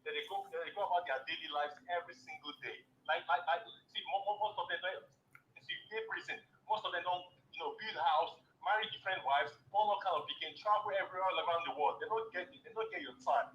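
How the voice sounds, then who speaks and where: A man's voice: high-pitched, reverberant, lo-fi sound, slight background noise. A man with a Nigerian accent calling in to a talk show, talking in a pleading, repetitive way and mixing Pidgin with English. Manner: rapid, pleading, repeats words. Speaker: caller. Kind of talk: call-in opinion.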